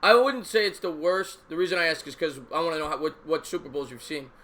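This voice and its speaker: A man in his thirties with a New York accent, hosting a live sports call-in show, chatty and quick to repeat himself. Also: on the high side, a bit bright. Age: 30s.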